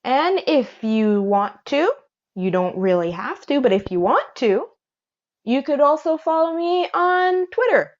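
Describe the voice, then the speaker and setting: A woman's voice: sits high, very animated, measured pace, highs cut off. A young woman hosting a casual solo podcast, rambling and self-deprecating, laughing often. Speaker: podcast host.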